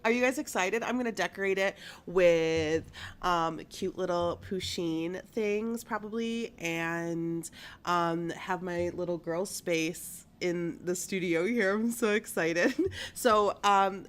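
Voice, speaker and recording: A woman's voice: lowish voice, slow. Stuffy-nosed bubbly woman host. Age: 30s. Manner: chatty, bubbly, lots of fillers. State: stuffy nose. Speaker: news show host. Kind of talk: casual live-stream chat. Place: small home studio.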